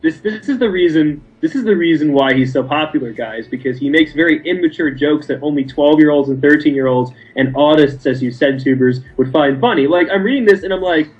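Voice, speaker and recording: A young man with a slightly high voice pours scorn on the jokes and fakes laughter to mock them. His audio sounds dull and lo-fi, with faint music behind him. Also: brisk, hardly any pauses, far from the mic. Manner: scornful, mimics laughter sarcastically. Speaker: co-host of a ranting video. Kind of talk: mocking ranting commentary.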